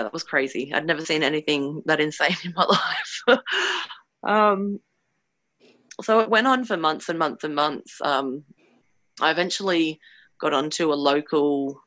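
A woman recounts a personal experience in an earnest, hesitant way, pausing often to find her words. Her voice is bright and forward. The sound is dry and close, with no room around it. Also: deep voice, no echo. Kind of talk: personal storytelling.

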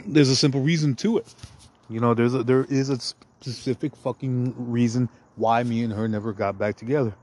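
A man's voice: mid-range voice, darkish tone. A man talking in a profane, meandering, self-deprecating monologue as a podcast host. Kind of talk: rambling confessional monologue.

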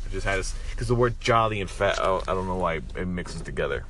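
A man's voice: sits low, lively intonation, fast, fairly bright tone, slight background noise. A man hosting his own podcast, with a froggy morning voice, giving a joking, profane morning pep talk. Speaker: podcast host.

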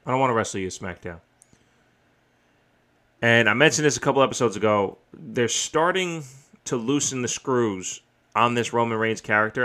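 A man hosting a podcast, recapping a wrestling show in casual, excited, profane chat. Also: medium pitch. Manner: excited, profane, recounts and quotes matches. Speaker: podcast host. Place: home streaming setup.

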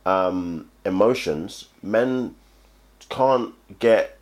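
Man, low voice, animated, acts out voices, casual podcast chat. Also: extremely slow.

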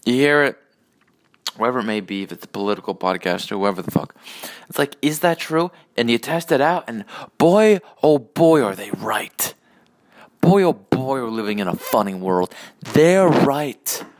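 Lowish-voiced guy ranting solo on his podcast, swearing a lot, sarcastic, rambly, keeps restarting. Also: lively intonation, brisk. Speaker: podcast host.

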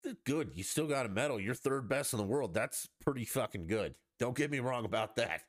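A man's voice: medium pitch, animated, fairly quick, no echo, studio quality. A man hosting a podcast, ranting in a blunt, profane and mocking way in a casual monologue. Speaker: podcast host.

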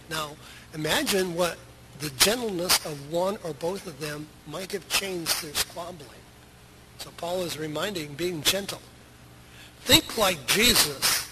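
A middle-aged man preaching a sermon as pastor of a church, talking conversationally and asking his listeners many questions. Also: high voice. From United States. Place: church sanctuary. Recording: loud background noise.

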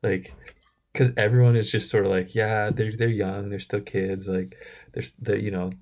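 A man in his thirties co-hosting a casual podcast chat, talking in a relaxed, rambling way full of "like" and "you know.". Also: lowish voice, moderate pace. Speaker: podcast co-host.

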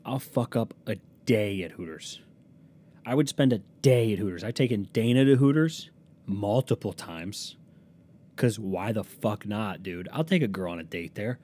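Crude rambling podcast host, low and mellow. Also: male voice, expressive, normal speed. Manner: rambling, crude, self-mocking storytelling. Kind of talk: solo comedic podcast monologue. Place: small room at a desk, recording alone. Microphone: desk microphone.

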